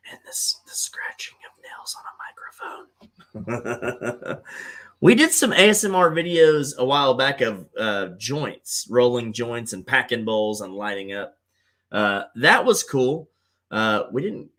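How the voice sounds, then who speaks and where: Rambling, lively-pitched man hosting. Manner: rambling, repeats himself, many fillers. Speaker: host of a live call-in show. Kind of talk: casual livestream chat.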